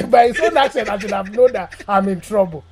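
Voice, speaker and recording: A man's voice: high-pitched, brisk, music in the background. A man from Nigeria with a Nigerian accent, telling jokes and stories as a guest MC, laughing often. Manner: animated, joking, laughs often. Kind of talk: comic storytelling interview.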